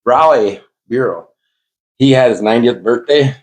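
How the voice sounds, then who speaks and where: An older man hosting a podcast, telling small-town stories in a loose, animated way with bursts of laughter. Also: medium pitch, moderate pace, rough recording. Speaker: podcast host. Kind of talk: casual storytelling.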